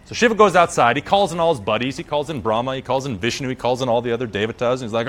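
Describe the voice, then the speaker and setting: A man's voice: medium pitch, racing, few pauses. A man telling a story in a casual, slangy way as a yoga teacher, acting out the characters. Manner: slangy, animated, acts out characters.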